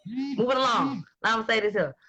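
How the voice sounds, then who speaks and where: A woman, talking in blunt, profane and animated casual chat as host. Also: on the high side, quick pace, dull audio. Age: 20s.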